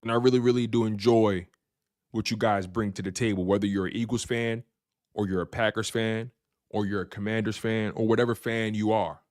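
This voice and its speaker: Hyped sports show host. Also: male voice, fairly low pitch, fairly even intonation, brisk, a little mellow. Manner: repetitive, hyped, trash-talking fan banter. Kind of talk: animated sports talk livestream.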